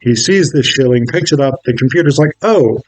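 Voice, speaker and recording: A man's voice: mid-range voice, fairly quick, no echo, rough recording. Rambling man recapping a film. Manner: rambling, many fillers and self-corrections. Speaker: film reviewer.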